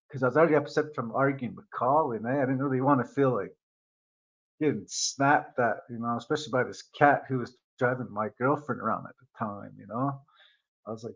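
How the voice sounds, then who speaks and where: A man's voice: medium pitch, a little fast, vocal fry, a bit bright, husky. Guy rambling thru a story, swears a lot, lotta ums, kinda muffled audio. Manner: rambling, profane, lots of fillers. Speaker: vlogger. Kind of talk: casual storytelling.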